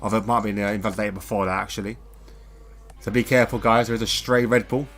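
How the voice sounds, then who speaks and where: A man's voice: fairly low pitch, fairly even intonation, quick pace, fairly bright tone. A man co-commentating a live online racing league, laid-back and self-mocking, laughing at himself often.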